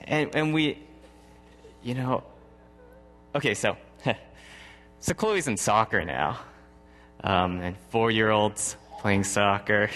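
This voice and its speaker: Speaking slowly and pausing often, a man in his thirties shares a personal story in a sermon, keeping it conversational and chuckling frequently. His voice sits lowish with a fairly bright tone, and long hall reverb surrounds it.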